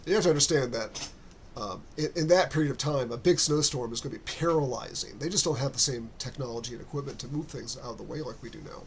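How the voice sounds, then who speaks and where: A man's voice: medium pitch, fast, a little hiss or hum. A man narrating as game master, rambling with many fillers and restarts.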